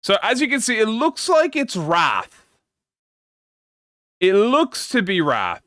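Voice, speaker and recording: A man hosting a casual gaming reaction, excitable and slangy, swearing and laughing often. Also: high voice, slow, no echo, clean studio sound. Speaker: gaming channel host.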